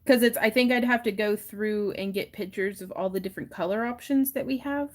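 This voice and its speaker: A woman's voice: medium pitch, a little fast. A woman hosting a crafting livestream, chatting casually and laughing often while she wire wraps. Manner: giggly, chatty, acts out little voices in her stories.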